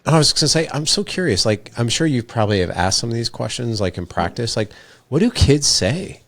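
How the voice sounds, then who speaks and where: A man's voice: medium pitch, expressive, a little fast, a bit bright, dry recording. A man hosting a podcast, asking curious, eager questions in a casual chat. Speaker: podcast host.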